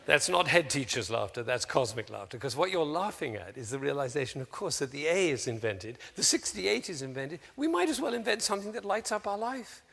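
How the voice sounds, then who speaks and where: A man speaking to an audience of teachers, theatrical and animated, acting out the people he quotes in sudden high voices. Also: brisk, creaky, few pauses, long reverb tail.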